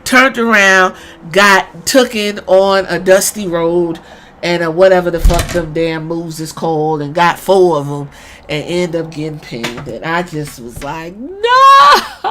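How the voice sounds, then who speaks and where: Animated, profane woman recapping a show. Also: fairly low pitch, unhurried, a little hiss or hum. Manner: animated, profane, acts out moments with shouts. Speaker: podcast host. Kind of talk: casual wrestling recap.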